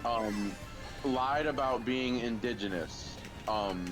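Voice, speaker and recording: A man's voice: mid-range voice, takes it slowly, music in the background, low-quality recording. A man on a game stream telling a rambling story, with casual swearing.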